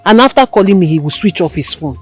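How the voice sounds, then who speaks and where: A woman's voice: lowish voice, animated, fast, husky, soft background music. A woman with a Nigerian accent playing a worried village woman who complains. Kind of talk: Nollywood film acting.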